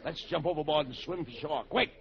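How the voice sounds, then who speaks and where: A man's voice: a little high, fairly quick, gravelly, background noise. A man playing the exasperated, scolding straight man in a 1940s radio comedy duo, on a dull old broadcast recording.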